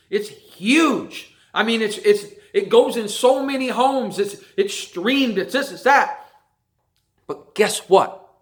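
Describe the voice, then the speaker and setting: A man's voice: sits high, fairly bright tone. A man delivering a long emphatic rant to viewers about dirt track racing, repeating phrases for stress. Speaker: racing vlogger. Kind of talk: ranting monologue to viewers.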